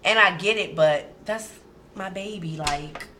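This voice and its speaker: A woman's voice: lowish voice, unhurried, bright, forceful tone, slight background noise. A woman with a Baltimore accent, co-hosting a casual radio talk show and repeating key phrases for emphasis.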